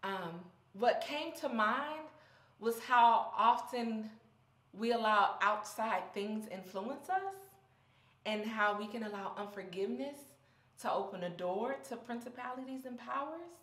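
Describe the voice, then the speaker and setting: A woman's voice: a little high, expressive, a little slow, fairly bright tone, echoey room. A young woman vlogging candidly about her faith, heartfelt and close to tears, in a casual, slangy way. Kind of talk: personal faith vlog.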